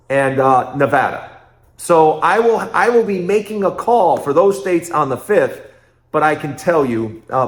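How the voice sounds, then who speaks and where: A man hosting his own political commentary show, talking emphatically and repeating phrases in quick rhetorical bursts. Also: a little high, reverberant.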